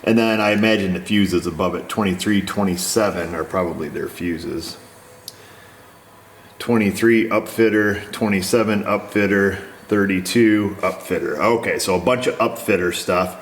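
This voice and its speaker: A man's voice: sits low, moderate pace, a little hiss or hum, poor audio. A man working as an auto technician, casually talking through a repair while he inspects parts in a shop. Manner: talks to himself while inspecting parts, easygoing. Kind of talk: casual workshop commentary.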